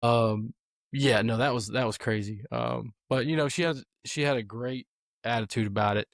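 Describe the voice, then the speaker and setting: A man's voice: medium pitch, moderate pace, vocal fry, no echo, clean studio sound. A man, a football coach hosting a podcast, telling stories in a casual, rambling way with many fillers. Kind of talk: casual storytelling chat.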